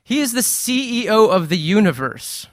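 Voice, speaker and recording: A man delivers a sermon with a slightly high voice, talking to the congregation like friends, animated and playful. The sound is dry and close, with no room echo. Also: normal speed. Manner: conversational, animated preaching with playful asides. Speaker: pastor.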